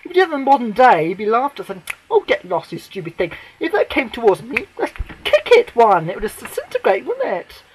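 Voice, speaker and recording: A man ranting to camera as a fan, swearing a lot, rambling with many fillers, and breaking into shouted outbursts. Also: extremely high pitch, big pitch swings, fast talker, few pauses, slight background noise, rough recording. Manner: shouts and near-cries in outbursts. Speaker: vlogger.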